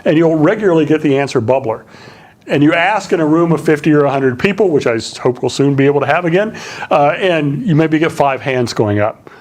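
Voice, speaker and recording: A middle-aged man giving a relaxed public lecture, full of ums and questions for the audience. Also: on the high side, a little fast. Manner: relaxed, many fillers, asks the audience questions.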